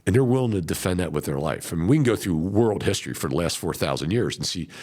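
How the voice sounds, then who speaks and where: This middle-aged man talks fast in a low-pitched voice. A seasoned wholesaler, he coaches conversationally and tells lively stories, acting out what his clients said.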